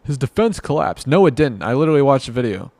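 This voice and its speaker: A man's voice: mid-range voice, big pitch swings, quick pace, a little mellow, no room sound. A man giving rambling, exasperated reaction commentary, muttering to himself and mocking what he watches. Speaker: commentary vlogger.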